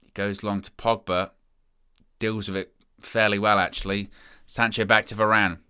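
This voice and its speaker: A young man giving excitable, chatty live commentary as a fan following a football match. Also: lowish voice, normal speed, clean tone. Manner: excitable, chatty play-by-play with asides.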